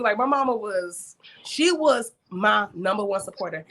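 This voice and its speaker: A woman's voice: mid-range voice, moderate pace, a bit bright. A woman business owner chatting in an interview. She talks loosely and candidly, peppering her sentences with filler words, in a mid-range voice. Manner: chatty, frequent fillers, laughs easily. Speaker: beauty studio owner, guest. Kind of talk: casual interview talk.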